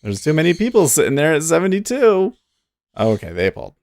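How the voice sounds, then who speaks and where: A man's voice: a little high, wildly swooping pitch, a little fast, a little mellow, dry recording, studio quality. A man hosting a live day-trading stream, thinking aloud and cheering on his trades in easy casual chat.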